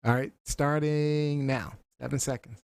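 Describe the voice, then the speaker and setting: A man's voice: mid-range voice, fairly even intonation, measured pace, vocal fry, darkish tone, smooth, no echo. A man hosting a casual live-stream party game, teasing and laughing often. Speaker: host running a party game. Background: music playing.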